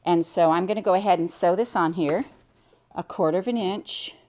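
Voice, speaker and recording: A woman's voice: fairly low pitch, normal speed, a little mellow, a little hiss or hum. A middle-aged American woman teaching quilting, chatting cheerfully as she explains each step while she cuts and sews. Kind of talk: hands-on sewing tutorial.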